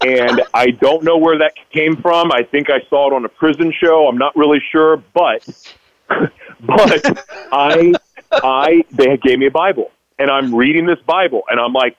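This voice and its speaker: A man's voice: on the high side, a little slow, dry recording. A man, a radio show guest, telling an emotional personal story, acting out his past self and stammering through restarts. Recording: dull lo-fi radio broadcast.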